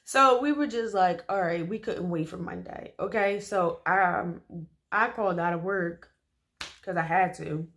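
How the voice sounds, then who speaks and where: A woman's voice: fairly low pitch, unhurried, a bit bright. Emphatic woman telling a story. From Philadelphia, USA. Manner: emphatic and slangy, with frequent "okay?" asides to listeners. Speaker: storytime vlogger. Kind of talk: casual storytelling to camera.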